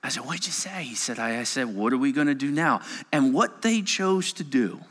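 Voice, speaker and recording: Animated pastor preaching in a reverberant hall. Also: male voice, mid-range voice, normal speed. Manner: storytelling with big swings between hushed and raised passages. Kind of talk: sermon.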